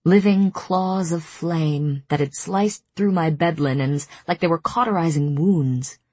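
Slow, husky woman narrating an audiobook. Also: low-pitched, darkish tone, no echo. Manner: measured, intimate storytelling. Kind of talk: first-person audiobook narration.

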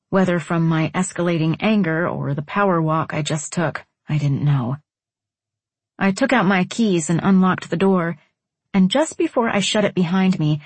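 A woman narrating a first-person romance audiobook in a measured, intimate storytelling manner. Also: fairly low pitch, breathy edge, no echo.

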